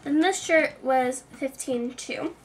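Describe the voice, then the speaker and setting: A woman's voice: high voice, slow pace, a little hiss or hum. A young woman chatting casually in a clothing haul video, full of "like" and self-mocking asides. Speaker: vlogger.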